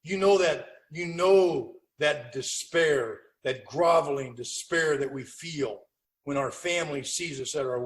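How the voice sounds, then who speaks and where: A man's voice: on the high side, a bit bright, low-quality recording. An older man speaking at a recovery meeting over a video call, telling his story in a plainspoken, wry way.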